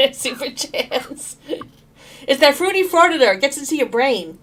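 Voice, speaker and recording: A woman's voice: high voice, sing-song, moderate pace, a bit bright, a little hiss or hum. A woman from Brooklyn co-hosting a casual livestream, laughing easily and speaking bluntly and encouragingly. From Brooklyn, New York. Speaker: co-host. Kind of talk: casual live chat.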